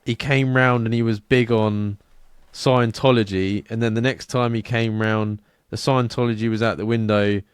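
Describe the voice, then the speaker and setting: A man, co-hosting a podcast in relaxed, sweary casual chat. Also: medium pitch, moderate pace, hardly any pauses, clean tone, no room sound, studio quality. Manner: laid-back, swears freely, laughs easily. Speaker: podcast co-host.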